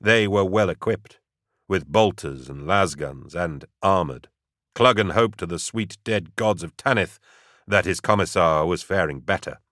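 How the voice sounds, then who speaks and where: A man narrating an audiobook in a steady, dramatic way. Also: sits low, a little slow, no echo, clean studio sound.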